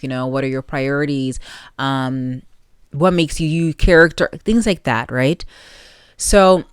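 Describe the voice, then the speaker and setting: A podcast host giving opinionated, animated solo commentary and talking straight to the listeners. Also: mid-range voice, clean tone, no room sound, studio quality.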